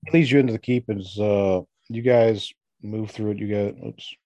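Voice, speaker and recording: A man's voice: fairly low pitch, steady tone, normal speed, mellow, dry recording, highs cut off. A man running a tabletop game as game master, describing scenes in a loose, rambling way with lots of fillers.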